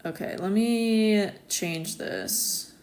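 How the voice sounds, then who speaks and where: An American woman hosts a relaxed live stream from home, chatting with viewers at a slow, unhurried pace. She laughs easily and keeps the talk loose, and she sounds like she is speaking into her phone. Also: medium pitch. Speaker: astrologer hosting a live stream. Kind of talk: casual live-stream chat reading comments.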